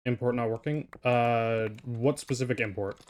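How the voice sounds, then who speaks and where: A man's voice: mid-range voice, fairly even intonation, moderate pace, a little mellow. Casual male gameplay streamer. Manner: rambling, talks to chat while playing. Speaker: livestreamer. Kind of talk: casual live gameplay chat.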